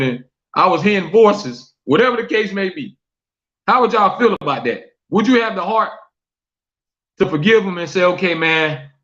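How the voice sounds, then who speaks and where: A man's voice: high-pitched, fairly bright tone, muffled recording. A man hosting a live-streamed talk show, repeating questions to his viewers, reading their comments aloud and preaching about forgiveness.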